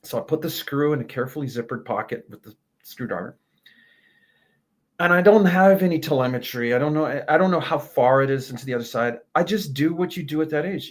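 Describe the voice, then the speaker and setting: A man, a guest telling a lively travel story in a casual interview, laughing and swearing as he goes. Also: a little high, brisk. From Canada.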